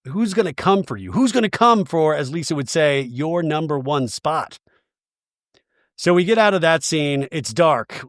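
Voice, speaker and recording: A man's voice: a little high, no echo, studio quality. A man hosting a podcast, recapping a TV show in a chatty, gushing way and acting out what people said. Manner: animated, gushing, acts out quotes. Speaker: podcast host. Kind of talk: casual TV recap.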